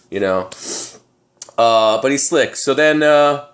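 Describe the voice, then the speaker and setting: A man, tired, telling a story to his vlog audience in a casual, animated, street-casual way. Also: mid-range voice, unhurried. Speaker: comic collector vlogger.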